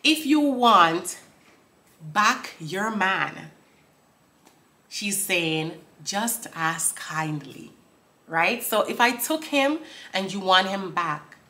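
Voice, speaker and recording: A woman breaking down song lyrics for viewers, laughing often and reading lines out slowly before explaining them. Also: medium pitch, expressive, bright, forceful tone. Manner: talks straight to viewers, asks for comments. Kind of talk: casual chat.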